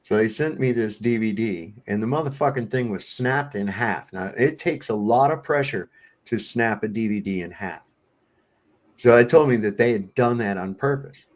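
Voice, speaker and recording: A man's voice: on the low side, moderate pace. Laughing, cursing man telling stories. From Virginia. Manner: profane storyteller, laughs often. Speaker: livestream host. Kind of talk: casual chat. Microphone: home streaming setup.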